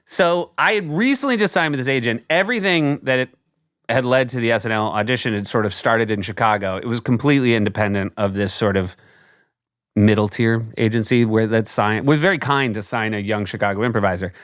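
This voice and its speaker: A man's voice: mid-range voice, brisk, a bit bright, no echo. A middle-aged man co-hosts a chatty podcast in a mid-range voice, telling dry, joking anecdotes. The sound is close and dry, with no room at all. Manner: wry, joking storyteller. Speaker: podcast co-host. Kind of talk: casual chat.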